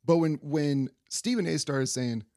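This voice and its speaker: A man's voice: on the high side, unhurried, a little mellow, dry recording, studio quality. A young man hosting a casual sports podcast, rambling loosely and swearing offhand. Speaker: podcast host.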